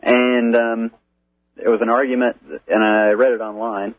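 A man's voice: medium pitch, level tone, measured pace, no echo, faint music behind. A man with a Texas accent, calling in to a radio show and asking an earnest question. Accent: Texan. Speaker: caller. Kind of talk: caller question. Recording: tinny phone line.

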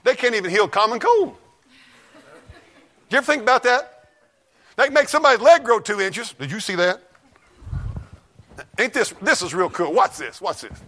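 A man preaching a fiery sermon, telling folksy stories and swinging from low mutters to loud shouts. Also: animated, normal speed, pauses often.

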